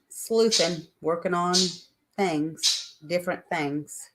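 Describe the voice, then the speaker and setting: A woman's voice: very deep voice, measured pace, long pauses, noisy background. An older woman hosting a live stream, chatting casually and ramblingly with her viewers and answering their comments.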